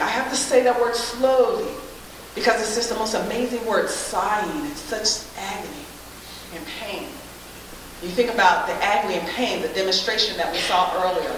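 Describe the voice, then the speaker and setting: A woman giving a faith-based public speech, preacherly, building to loud emphatic peaks, recorded from a distant mic in a very echoey hall with faint hiss. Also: medium pitch, normal speed. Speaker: guest speaker.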